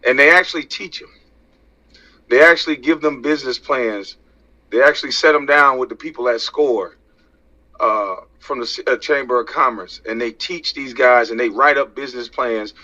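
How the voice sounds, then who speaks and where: A man's voice: mid-range voice, normal speed, pushed and bright. Man in a tense, profane rant. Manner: profane, preachy, fires rhetorical questions. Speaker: social media commentator. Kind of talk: heated rant to camera. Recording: dull lo-fi sound.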